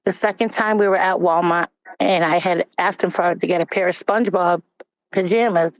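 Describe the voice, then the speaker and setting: A woman's voice: on the low side, fairly even intonation, normal speed, no echo. A woman giving a candid, blunt personal testimony as a panel guest. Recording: dull, dry recording.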